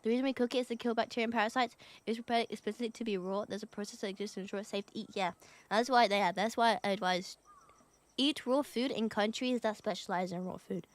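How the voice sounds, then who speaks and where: A young woman VTuber streamer chats casually and fast with her viewers in a steady, medium-pitched voice. She giggles a lot, thanks people for donations, and swears offhandedly, all in a dry recording.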